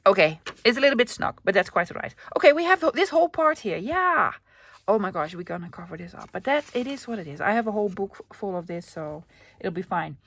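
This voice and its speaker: A Dutch woman with a Dutch accent, a native Dutch speaker chatting casually as she narrates her crafting, often dropping into a soft whisper. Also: lowish voice, expressive, fast, no room sound. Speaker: crafting channel host.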